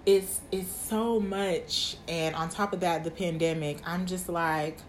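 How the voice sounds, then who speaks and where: Her voice is on the low side with fairly even intonation, slow but with hardly any pauses, and slight background noise is audible. She's a podcast host in her twenties giving a candid, chatty monologue to her listeners, peppered with "y'all."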